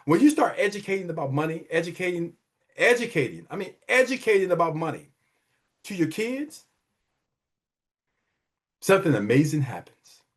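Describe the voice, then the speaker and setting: Middle-aged male podcast host, emphatic and repetitive, higher voice with lively intonation. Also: moderate pace, pauses often. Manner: emphatic, preachy, repeats phrases for effect. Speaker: wealth advisor and podcast host. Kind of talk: motivational money talk.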